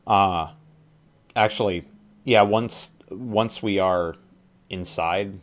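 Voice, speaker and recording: A man's voice: deep voice, takes it slowly. A man playing a tabletop role-playing game, describing his character's actions eagerly with fillers. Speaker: player.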